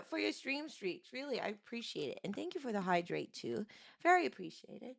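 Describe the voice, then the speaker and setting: Hoarse high-pitched woman streamer. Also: big pitch swings, brisk, no echo, studio quality. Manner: greets chat viewers one by one, upbeat. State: hoarse, sore voice. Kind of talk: casual live-stream chat.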